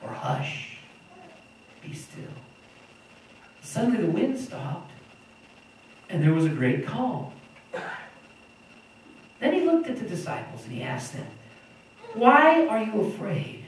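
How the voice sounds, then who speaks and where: A woman preaching a sermon, telling the story in an animated way and acting out the voices of the people in it. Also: medium pitch, unhurried, long pauses. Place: church hall. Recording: echoey room from far off, faint noise.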